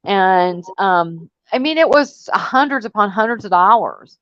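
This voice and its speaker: A chatty woman hosts a casual online talk and tells stories with exasperated emphasis. Her voice sits at a middle pitch and sounds slightly muffled and lo-fi. The room is dry, with no echo. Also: lively intonation, measured pace. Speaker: host. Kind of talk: casual panel chat.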